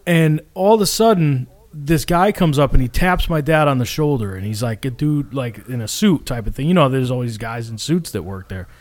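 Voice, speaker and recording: A man's voice: mid-range voice, normal speed, hardly any pauses. A young man from Florida telling a rambling story on a podcast, swearing often and acting out other people's lines. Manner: swears a lot, animated, acts out quotes with shouts. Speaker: podcast co-host. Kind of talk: casual storytelling.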